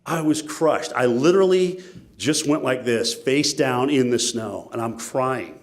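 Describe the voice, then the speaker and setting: A male TV meteorologist telling self-mocking stories in a lively keynote talk. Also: medium pitch, measured pace. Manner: animated, self-mocking anecdotes.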